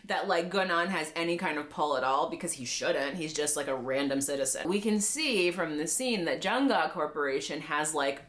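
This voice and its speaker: A woman's voice: sits low, animated, normal speed, hardly any pauses, fairly bright tone. A woman vlogger recapping a drama episode in a casual, chatty way, often saying "like" and briefly acting out lines in quoted voices.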